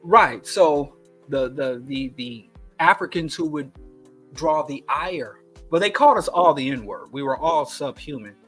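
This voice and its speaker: A man hosting a radio call-in talk show, explaining his points in a measured, deliberate way. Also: a little high, expressive, a bit bright, slightly rough, faint music behind.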